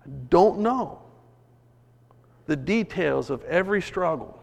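A man preaching a sermon, telling a story in an animated way and acting out the voices of people in it. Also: high-pitched, slow, gravelly. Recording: long reverb of a large hall.

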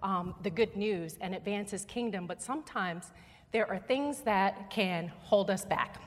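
A guest preacher, a woman with a mid-range, slightly slow voice, delivers a sermon in a church sanctuary where her words ring with long reverb off the walls. She speaks earnestly and emphatically, coaxing the congregation to echo her words back.

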